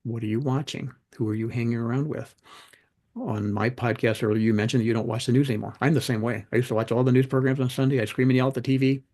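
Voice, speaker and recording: A middle-aged man, a podcast guest and author, talking in a relaxed, conversational way and acting out the voices in his anecdotes. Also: medium pitch, quick pace. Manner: animated anecdotes, acts out quoted dialogue. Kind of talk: conversational storytelling.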